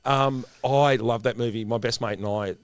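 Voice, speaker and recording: A middle-aged man co-hosting a podcast, telling anecdotes in an animated way. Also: mid-range voice, normal speed, no echo. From Australia. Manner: animated storyteller, acts out quoted voices. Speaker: podcast co-host. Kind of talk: casual chat, anecdotes.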